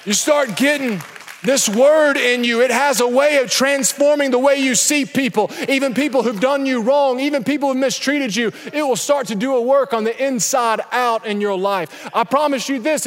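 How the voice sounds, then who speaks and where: A young man preaching an energetic sermon to a church crowd, sometimes breaking into shouts. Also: very high voice, moderate pace. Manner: energetic, building to shouts, with acted asides. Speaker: pastor. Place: large church hall. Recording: echoey church hall with long reverb.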